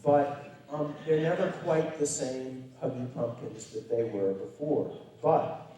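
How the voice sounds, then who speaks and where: A man's voice: mid-range voice, lively intonation, takes it slowly, dark tone, distant mic. A man giving a public lecture to parents, talking in a wry, conversational storytelling way with emphatic stresses. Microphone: distant from the microphone. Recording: very echoey hall, voice picked up from afar.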